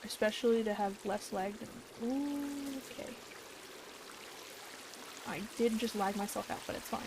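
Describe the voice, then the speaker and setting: Excitable swearing woman streamer, high voice. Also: measured pace, background noise. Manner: excitable, swears freely, talks to the game characters. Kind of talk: casual gameplay commentary. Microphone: desk mic.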